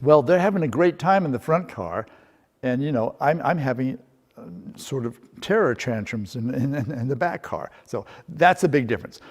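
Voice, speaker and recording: A man's voice: mid-range voice, animated, normal speed, big-room sound. A middle-aged man presenting a workshop, telling a humorous story with rhetorical questions in a lecture style. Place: seminar room.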